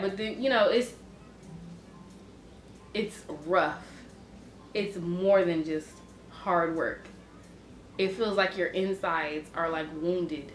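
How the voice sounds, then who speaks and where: A young adult woman talking openly in a personal vlog, rambling and halting with many restarts and fillers. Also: on the low side, roomy sound, slight background noise. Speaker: vlogger.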